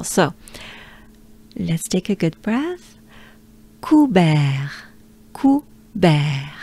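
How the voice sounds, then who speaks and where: Slow, patient French woman coaching pronunciation. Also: mid-range voice, darkish tone. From France. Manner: encouraging, repeats sounds slowly, laughs lightly.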